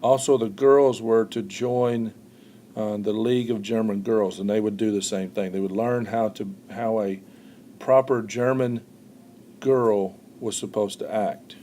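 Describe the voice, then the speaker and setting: A man teaching a history lesson in an explaining tone, often pausing with "uh" and repeating words as he goes. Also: on the low side, fairly even intonation, warm tone, slight background noise. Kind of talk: recorded classroom lecture.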